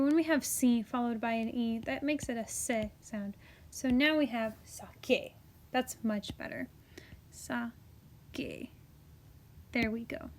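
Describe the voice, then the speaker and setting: A young woman teaching a Spanish grammar lesson to her class, chatty and encouraging, slipping into soft whispers as she writes. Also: a little high.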